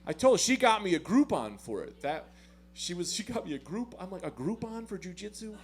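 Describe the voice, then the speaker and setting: A man doing a stand-up comedy set, telling self-deprecating stories in an animated way with loud swings. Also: high voice, brisk, breathy edge.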